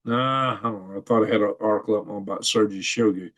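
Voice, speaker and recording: A man's voice: lowish voice, fairly even intonation, fast, a bit bright. A man hosts his channel, reading news articles off a shared screen and commenting in a rambling way, chuckling and thinking aloud as he goes. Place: at home at a computer.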